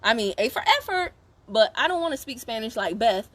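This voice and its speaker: A woman's voice: on the high side, very animated, fairly quick, a bit bright. A woman from Georgia gives an emphatic, chatty motivational talk to her sales team on a live stream. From Savannah, Georgia, USA. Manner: emphatic, repetitive, chatty with asides to viewers. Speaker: network marketing seller coaching her team.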